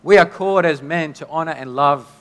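Aussie pastor preaching, talks casual and stumbly, big hall reverb. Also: male voice, fairly high pitch, fairly bright tone. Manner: conversational, halting, with many restarts. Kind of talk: sermon.

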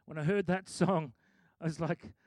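A man's voice: a little high, fairly even intonation, normal speed, darkish tone, no echo. A middle-aged male pastor preaching a sermon in a chatty, self-amused way, breaking into sung lyrics.

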